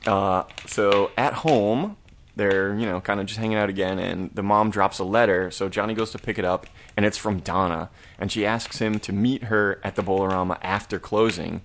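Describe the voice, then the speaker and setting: A man's voice: on the low side, steady tone, normal speed, a little hiss or hum. A man co-hosting a horror review podcast, recapping an episode in a rambling, laid-back way with the odd curse. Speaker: podcast co-host. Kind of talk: casual plot recap.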